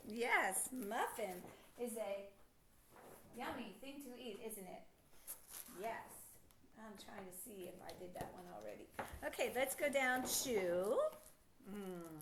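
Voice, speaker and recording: A middle-aged woman teaching a children's phonics lesson, sounding out words slowly and encouraging the child with questions. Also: medium pitch, noisy background.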